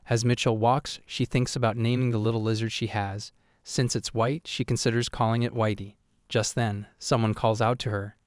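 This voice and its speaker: A man narrating a comic story recap in a steady, even third-person retelling. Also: medium pitch, no echo, clean studio sound.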